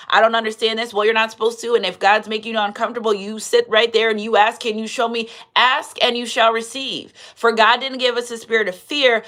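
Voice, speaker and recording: A woman's voice: a little high, a bit bright. A woman giving a live tarot reading. She preaches, quotes scripture and repeats her phrases. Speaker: tarot reader.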